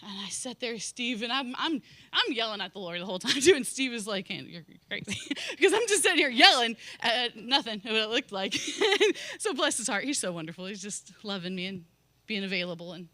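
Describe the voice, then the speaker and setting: Young woman sharing her church testimony, bright and a bit high, laughs a lot, totally dry sound. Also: lively intonation, fairly quick, no echo. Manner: emotional storytelling, laughing often and acting out what she said. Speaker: church member giving a testimony. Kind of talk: personal testimony at a church service.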